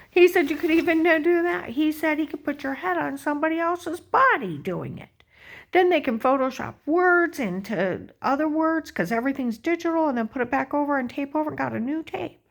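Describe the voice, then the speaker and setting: A woman's voice: high-pitched, creaky, fairly bright tone. A woman talking in a rambling, agitated personal monologue, full of fillers and repeated check-ins. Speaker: vlogger.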